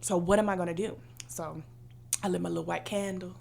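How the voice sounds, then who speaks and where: Animated woman telling a story. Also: on the low side, fairly quick, creaky, slight background noise. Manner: animated storyteller, acts out quoted voices. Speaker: podcast co-host. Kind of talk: casual chat.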